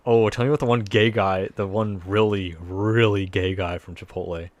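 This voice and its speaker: A man's voice: on the low side, fairly even intonation, normal speed, dry recording. A young man co-hosting a casual podcast chat, joking around, swearing, and laughing often. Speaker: podcast co-host.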